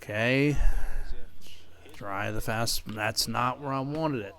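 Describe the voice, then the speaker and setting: A man talking his way through a video game at a middle pitch, murmuring play-by-play to himself between pitches. Now and then he grumbles in mild frustration. It sounds like relaxed commentary recorded over his own gameplay. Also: slow, very noisy. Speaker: gaming video creator.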